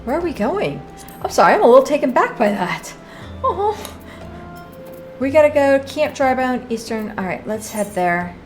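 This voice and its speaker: A woman's voice: high-pitched, big pitch swings, normal speed, soft background music. A young woman doing casual let's-play commentary, reacting emotionally to the story with sighs and gasps. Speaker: streamer.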